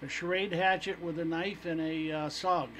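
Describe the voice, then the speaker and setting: A man's voice: fairly high pitch, fairly even intonation, moderate pace, a bit bright, a little hiss or hum. A man, a vendor at gun shows, chatting casually on a radio show in an easygoing way, laughing at his own jokes. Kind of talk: casual talk radio chat.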